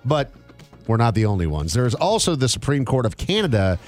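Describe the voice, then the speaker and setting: Joking radio host man, even mid pitch. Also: fairly quick, faint music behind. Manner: joking, reads news items conversationally. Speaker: radio morning show host. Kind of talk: casual radio banter.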